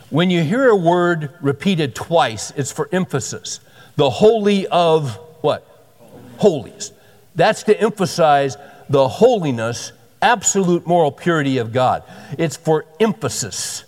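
A man's voice: a little high, very animated, unhurried, darkish tone. A man preaching a sermon as a pastor, conversational and emphatic, often repeating himself for stress. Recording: long hall reverb.

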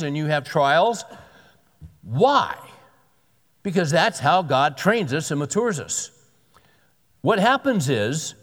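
A pastor preaching a sermon in a conversational, emphatic way, repeating key words for weight. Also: male voice, fairly high pitch. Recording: long hall reverb.

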